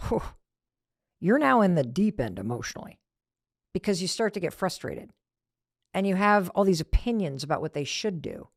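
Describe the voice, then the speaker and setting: Lively middle-aged woman giving a motivational talk. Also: mid-range voice, dry recording, clean studio sound. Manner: animated storytelling, acting out quoted voices. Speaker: motivational speaker.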